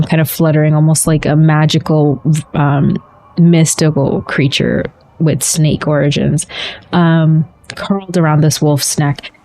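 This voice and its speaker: A woman's voice: low-pitched, dark tone. A woman narrating as game master of a tabletop role-playing game, rambling and searching for words with many ums.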